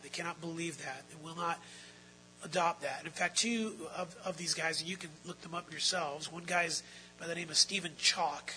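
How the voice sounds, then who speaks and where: A man preaching a sermon, emphatic, moving between quiet explanation and loud, drawn-out stresses. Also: fairly high pitch, slight background noise, low-quality recording. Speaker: pastor.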